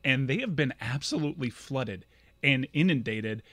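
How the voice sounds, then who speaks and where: A man's voice: medium pitch, expressive, moderate pace, fairly bright tone, no room sound. A man co-hosting a podcast, trading dry, sarcastic banter in a casual chat.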